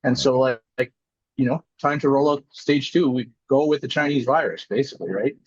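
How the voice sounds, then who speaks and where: A man from Alberta, a podcast guest, telling his side in a steady, wry way. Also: medium pitch, brisk, breathy edge, dry recording, highs cut off. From Alberta, Canada. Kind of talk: casual podcast conversation.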